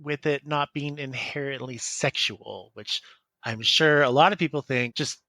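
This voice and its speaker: A man's voice: medium pitch, measured pace, bright, forceful tone, no echo. A man co-hosting a podcast, playful and jokey in casual conversation. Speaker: podcast co-host.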